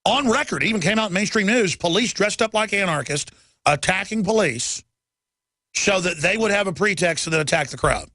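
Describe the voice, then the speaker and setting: Male talk host, high and gravelly, urgent rant, close dry studio mic. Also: expressive, sharp tone, no echo. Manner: urgent, emphatic ranting with rapid-fire lists. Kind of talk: political rant monologue.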